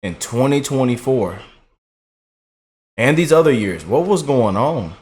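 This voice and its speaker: A man's voice: mid-range voice, very animated, unhurried, a little mellow. A man giving casual, rambling commentary to his viewers, drawling and calling them y'all. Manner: laid-back, drawling, repeats "man" and "y'all". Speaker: political commentary vlogger.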